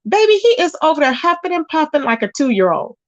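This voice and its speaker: A woman hosting a livestream, chatting in a sassy, drawn-out way, greeting viewers and gossiping straight to her chat. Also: high-pitched, sing-song, dull audio. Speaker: livestream host. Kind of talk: casual gossip commentary.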